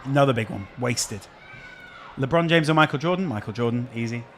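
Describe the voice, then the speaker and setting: A man's voice: mid-range voice, brisk, a little hiss or hum. Chatty English man with a Scouse accent. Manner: chatty, reads out and answers viewer questions. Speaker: streamer host. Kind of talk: casual live-stream chat.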